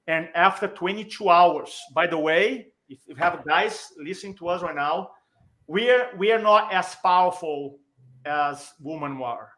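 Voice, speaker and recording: Animated high-voiced man telling a story. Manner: energetic, emphatic, acts out quoted dialogue. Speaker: podcast guest, speaking coach.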